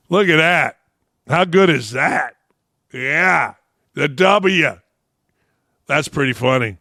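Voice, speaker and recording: A brash man hosting a sports talk show, his voice pitched high and bright. He mocks and jokes through his opinionated commentary, close and dry on the mic. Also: slow pace, pauses often, no echo. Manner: brash and mocking, animated.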